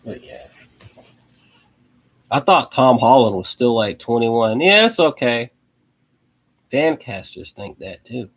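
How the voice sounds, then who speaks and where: A man's voice: medium pitch, lively intonation, slow pace, pauses often, poor audio. A young man hosting a live online show, chatting casually in a rambling way with frequent restarts and laughs. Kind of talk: casual live-stream chat.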